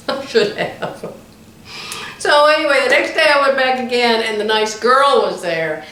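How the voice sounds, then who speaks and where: A woman's voice: on the high side, measured pace. Chatty woman in her seventies, echoey room. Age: 70s. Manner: animated anecdotal storyteller, laughs often. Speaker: quilting vlogger. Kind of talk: casual chatty storytelling to viewers. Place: indoors at home by the front door. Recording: very echoey room, distant mic, faint hiss.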